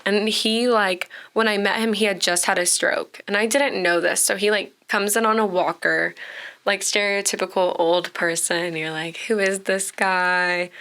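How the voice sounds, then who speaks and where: A woman's voice: medium pitch, a bit bright. A young woman in her twenties with a Texan accent, a podcast guest chatting casually and telling stories, full of "like". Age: 20s. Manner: chatty storyteller, heavy use of "like". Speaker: podcast guest, bartender and content creator. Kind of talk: casual interview chat.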